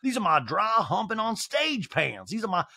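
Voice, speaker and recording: A man voicing a prim, dramatic society woman who drawls slowly and keeps repeating "I say, I say.". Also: medium pitch, very animated, vocal fry, pushed and bright, breathy edge, dry recording, studio quality, heavily acted. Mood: indignant.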